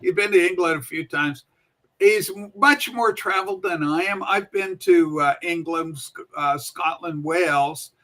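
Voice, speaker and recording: A woman's voice: on the low side, unhurried, a bit bright. A woman in her seventies hosting a livestream show, chatting in a rambling, folksy way and swearing casually.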